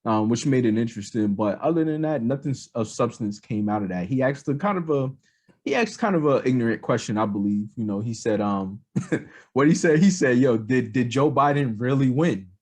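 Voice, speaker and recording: A man's voice: mid-range voice, expressive, brisk, darkish tone. A man co-hosting a podcast, talking casually and rambling, with lots of fillers. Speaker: podcast co-host. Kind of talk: casual political chat.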